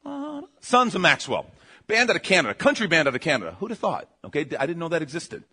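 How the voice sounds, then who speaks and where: A man delivering a relaxed, talky sermon in a bright, forceful voice pitched a bit high for a man. He tells stories in an animated way, often breaking off and restarting his sentences. He keeps checking in with the listeners as he goes. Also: fast talker, slight background noise. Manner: self-interrupting, restarts phrases. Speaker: pastor. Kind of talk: conversational sermon.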